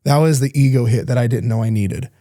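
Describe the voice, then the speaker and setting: A young man hosting a podcast speaks in a candid, earnest coaching tone, dropping the odd swear word. His voice is mellow and relaxed, at an ordinary pitch. The recording is dry and close, with no room sound. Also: fast, dry recording. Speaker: podcast host. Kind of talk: casual coaching monologue.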